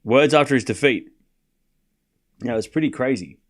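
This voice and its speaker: Young man, casual live-stream tennis host, rambling chatty delivery, average pitch. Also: normal speed. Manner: chatty, rambling, with fillers and restarts. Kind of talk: casual live-stream commentary reading chat.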